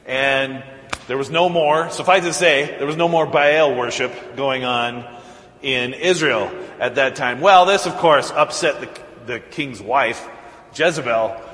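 A man's voice: medium pitch, a little slow, a bit bright. A man preaching as pastor, retelling a story in a casual, joking way with asides. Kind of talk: storytelling sermon. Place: church sanctuary. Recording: echoey church with long reverb.

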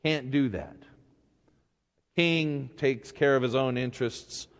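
A man's voice: medium pitch, slow pace. Man preaching in a long, echoing hall. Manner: reads scripture, then retells it in a casual, joking way. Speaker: pastor. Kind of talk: sermon.

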